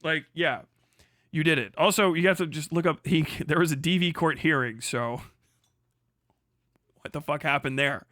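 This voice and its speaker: A man's voice: on the high side, normal speed, long pauses, a bit bright, no echo, studio quality. A man hosting a livestream, ranting casually, swearing a lot and laughing as he mocks his critics. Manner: profane, mocking, laughing often, puts on prissy voices to mock critics. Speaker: livestream host.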